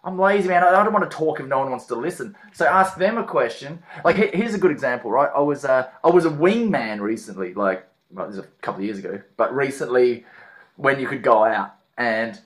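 A man's voice: medium pitch, lively intonation, a little fast, fairly bright tone. A man from Australia, a comedian guest telling jokey, laid-back stories in casual chat.

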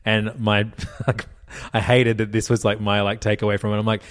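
A man's voice: fairly low pitch, flat delivery, moderate pace, clear, resonant tone. A man co-hosting a podcast in casual chat, rambling with fillers and frequent laughs. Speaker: podcast co-host.

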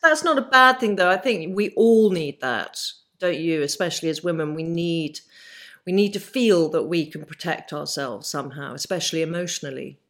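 A woman's voice: on the low side, animated, moderate pace, a bit bright. A woman, hosting an interview, speaking in an effusive, reassuring way. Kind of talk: casual interview chat.

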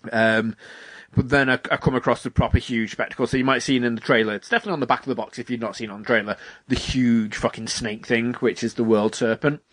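A young man talks about a game he's hooked on, in a loose, animated chat full of swearing. He keeps slipping into little performances of what people said to him. His voice sits at a middling pitch, recorded dry and close with no room sound. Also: fast talker, no echo. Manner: animated, swears freely, acts out quotes. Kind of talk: casual chat about video games.

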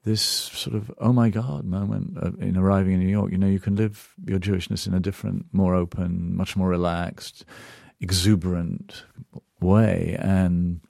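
Low gravelly Englishman, thoughtful interviewee. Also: little pitch movement, moderate pace, a little mellow, dry recording, clean studio sound. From England. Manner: thoughtful, searching for words, grows emphatic when angered. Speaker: author and journalist, interview guest. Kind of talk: reflective interview answers.

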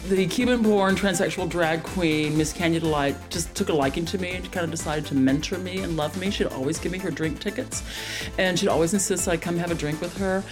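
A woman telling a personal story in an animated, polite way, often laughing. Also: lowish voice, a little fast, music in the background.

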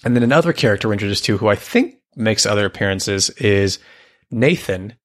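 A man's voice: on the low side, expressive, brisk. A man co-hosting a podcast, chatting enthusiastically about a cartoon and laughing often. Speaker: podcast co-host. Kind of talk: casual chat about a cartoon.

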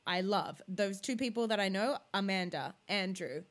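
A woman's voice: medium pitch, normal speed. A Welsh woman co-hosting a podcast, chatting casually and giggling often. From Wales. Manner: giggly, playful, animated. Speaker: podcast co-host. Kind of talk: casual chat.

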